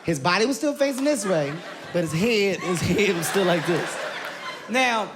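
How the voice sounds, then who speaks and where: A man with a high, bright-pitched voice tells a stand-up story with big animated energy, now and then shouting and laughing. It is a live show recording with a loud crowd and plenty of noise behind him. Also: moderate pace. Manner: animated, loud, often laughing while telling. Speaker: stand-up comedian. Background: loud audience laughter and noise.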